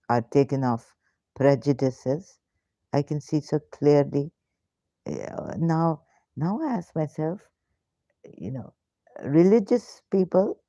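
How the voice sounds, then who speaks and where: A woman's voice: low voice, creaky, mellow, no room sound. A woman hosting a live question-and-answer talk, emphatic and indignant, piling up rhetorical questions with hesitant fillers and broken grammar, on dull lo-fi stream audio. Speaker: ex-Muslim question-and-answer host.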